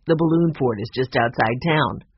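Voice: mid-range voice, moderate pace, husky, highs cut off. A narrator voicing a friendly young man, a balloonist, in a storybook reading, in a plain, easygoing way.

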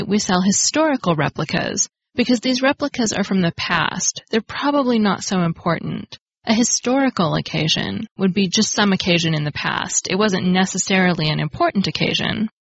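A woman hosting a podcast, reading a scripted grammar lesson in a clear, explanatory way and stressing the key words. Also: fairly low pitch, no echo. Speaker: podcast host. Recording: dry, slightly dull lo-fi studio recording.

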